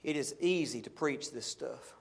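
A middle-aged man preaching a sermon, slowing and swelling on key words for emphasis. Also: medium pitch, creaky, slightly rough. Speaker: pastor.

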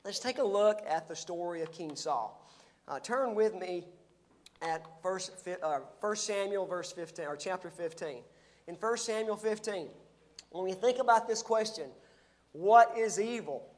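High-voiced man preaching a sermon. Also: animated, a little slow. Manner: reads scripture aloud, then explains it conversationally. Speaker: pastor.

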